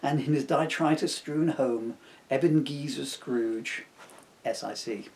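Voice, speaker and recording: Reading from his own comic novel, a man keeps breaking off for digressive, self-mocking jokes. His voice is medium-pitched, a little mellow, and slow.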